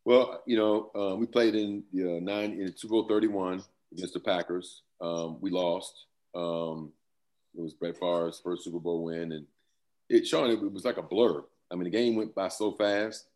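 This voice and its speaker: A man with a very low voice talks through his old playing days, loose and rambling, breaking into laughs. He is in his fifties and speaks as a guest in a casual interview. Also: darkish tone. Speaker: former pro football player, guest.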